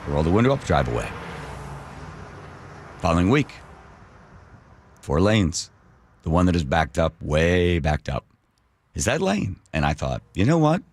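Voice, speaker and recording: A man's voice: low-pitched, huge pitch swings, measured pace, long pauses, a little hiss or hum. A middle-aged man, a radio host, telling a story with vivid drama.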